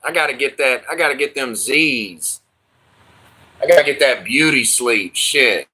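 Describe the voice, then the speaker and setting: Slow-talking man on a livestream. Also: mid-range voice, sharp tone, breathy edge. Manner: loose, profane, slangy banter with viewers. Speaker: livestream host. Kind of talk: casual livestream chat.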